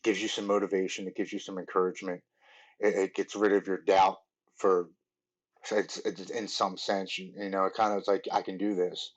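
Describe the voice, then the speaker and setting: A man telling his personal recovery story as a podcast guest, earnest and halting, often repeating words. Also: low voice, level tone, poor audio.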